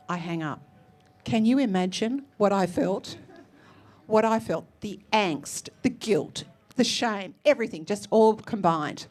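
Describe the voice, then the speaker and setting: An Australian woman telling a personal story on stage in a lively, expressive way, acting out the people she quotes. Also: medium pitch, unhurried, soft background music. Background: faint musical accompaniment.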